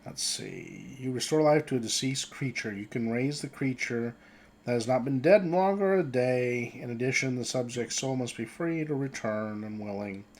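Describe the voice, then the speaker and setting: In a mid-range voice at a moderate pace, a man guides a tabletop role-playing session as game master. He reads rules aloud and describes scenes easily, with frequent chuckles.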